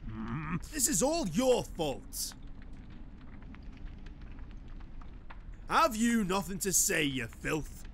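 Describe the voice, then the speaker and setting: A man's voice: high voice, sing-song, takes it slowly, vocal fry, fairly bright tone, a little hiss or hum, full character voice. A man voicing a pompous, self-righteous armored knight in a fan dub of a video game. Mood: scornful. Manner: pompous, haughty scolding.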